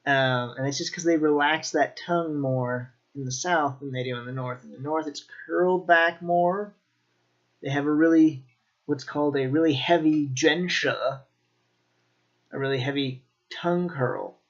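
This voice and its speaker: A man teaching Mandarin pronunciation in a slow, demonstrative way, repeating each sound. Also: on the high side, dull audio. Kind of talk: pronunciation lesson.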